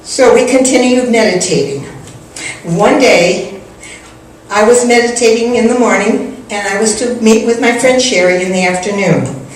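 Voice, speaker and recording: A woman's voice: on the high side, moderate pace. Woman teacher telling a story in an echoey hall. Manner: earnest, recounts events acting out quoted dialogue. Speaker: spiritual teacher. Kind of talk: storytelling talk. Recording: very echoey hall from a distance, faint noise.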